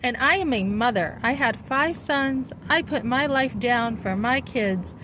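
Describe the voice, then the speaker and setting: A middle-aged woman tells a story for her vlog in a rambling, emphatic rush of indignation. Her voice sits a little high. Steady traffic noise from an outdoor city spot runs clearly behind her. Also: unhurried, rough recording. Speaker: vlogger.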